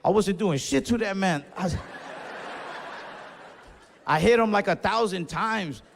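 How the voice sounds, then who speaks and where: A young male comedian with a high, creaky voice speaks a little slowly on a comedy club stage. His long story is laid-back and profane, and the audio has long reverb with faint background noise.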